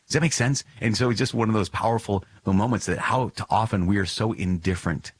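Male podcast host with a slightly husky voice, reading and reflecting on a religious text in an earnest, emphatic way. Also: lowish voice, fairly quick, few pauses, poor audio. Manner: earnest, repeats key phrases for emphasis.

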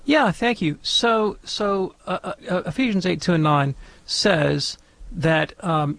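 Male radio theology expert, gravelly and slightly high-pitched, dry close mic, emphatic and repetitive as he explains. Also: a bit bright, dry recording. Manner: emphatic, repeats phrases for stress. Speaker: theology expert answering listeners.

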